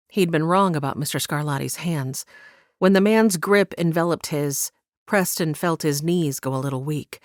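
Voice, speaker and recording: Female audiobook narrator, low register, dry studio read. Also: normal speed, no echo. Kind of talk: scripted narration.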